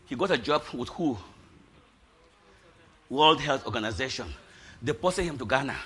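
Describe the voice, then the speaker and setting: At a normal speed and with a breathy edge, a middle-aged pastor gives an animated testimony sermon. His high points come out as shouts, and he laughs between lines.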